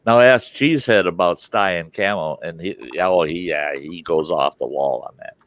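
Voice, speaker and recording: A man's voice: low-pitched, normal speed, a bit bright. An older man hosting a live chat, telling folksy stories with lots of laughs. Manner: folksy storyteller, laughs a lot. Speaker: livestream host. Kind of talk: casual chat.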